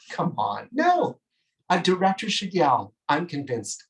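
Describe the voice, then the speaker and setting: A man performing a solo storytelling monologue on a stage, animated and gushing, with sudden swoops high in pitch. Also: normal speed, far from the mic, poor audio. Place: theatre stage.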